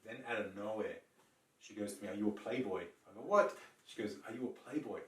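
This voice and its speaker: Man, podcast storyteller, animated, swears a lot, roomy echo, distant mic. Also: lowish voice, fast. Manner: animated, swearing, acts out quoted lines. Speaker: podcast co-host. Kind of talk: casual storytelling chat.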